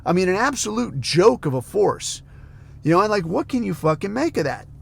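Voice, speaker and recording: A man's voice: high-pitched, big pitch swings, normal speed, vocal fry, husky. A man from the United States, hosting a podcast and ranting in a heated, profane, sarcastic way. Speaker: podcast host.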